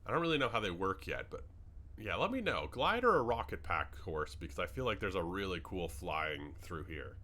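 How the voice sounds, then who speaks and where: A man's voice: low-pitched, very animated, moderate pace, pushed and bright. A man from Canada hosting a gaming channel, chatting casually and rambling with asides while he builds in a game. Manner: rambling, chatty, lots of fillers and trailing asides. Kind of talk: casual gameplay commentary.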